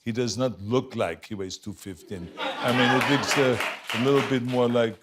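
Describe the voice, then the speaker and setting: A man's voice: mid-range voice, moderate pace, a loud crowd, heavy background noise. An older man in his seventies with an Austrian German accent, telling stories as a talk show guest and acting out the quotes. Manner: animated storyteller, acts out quotes, laughs often. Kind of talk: casual chat. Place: TV studio with audience.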